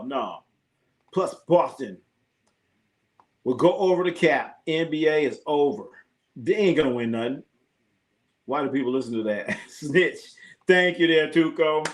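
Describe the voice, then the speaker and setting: A man hosting a live sports stream at a middle pitch. He talks loosely and profanely, circles back on his own phrases and chats with his viewers as he goes. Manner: loose, profane, rambling, repeats himself, laughs often. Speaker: sports talk livestream host. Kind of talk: casual live-stream chat reading viewer comments.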